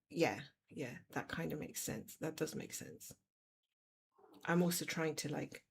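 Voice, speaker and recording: Chatting casually while stitching on a home cross-stitch livestream, a middle-aged woman speaks bluntly and fusses over her cat. Her voice is fairly low with vocal fry, at normal speed, with slight hiss or hum in the room.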